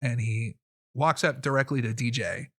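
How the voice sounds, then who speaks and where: A man runs a tabletop game with lively, amused narration in a mid-pitched voice. He talks the way someone would in casual conversation. The sound is dry and close. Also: moderate pace, no room sound. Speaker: game master.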